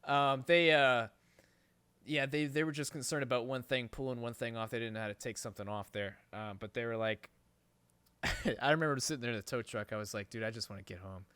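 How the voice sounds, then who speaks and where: A man's voice: mid-range voice, brisk, clean tone, no echo. A man hosting a podcast, telling a long story casually with constant swearing and rambling asides. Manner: profane, rambling, animated storytelling. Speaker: podcast host.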